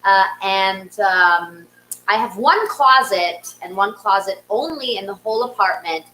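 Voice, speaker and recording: A woman's voice: medium pitch, expressive, unhurried, pushed and bright. A woman hosting and telling a casual comic story from her small apartment, chatty and self-mocking with many ums. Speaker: host and storyteller. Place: small home apartment, closet studio. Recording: roomy echo, faint hum.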